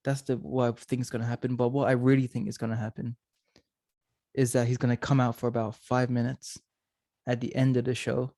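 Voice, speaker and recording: A young man chats and jokes his way through a casual podcast, quick with silly ideas. His voice sits in the middle range. The sound is dry and close, with no room echo. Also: mid-range voice, flat delivery, dark tone. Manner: joking, playful, chatty. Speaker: podcast co-host. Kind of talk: casual chat.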